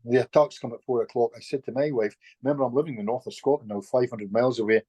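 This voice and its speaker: A middle-aged man, a guest healer, telling stories in a lively, chatty way with chuckles and restarts. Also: mid-range voice, racing, husky, dry recording. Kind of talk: casual storytelling in conversation.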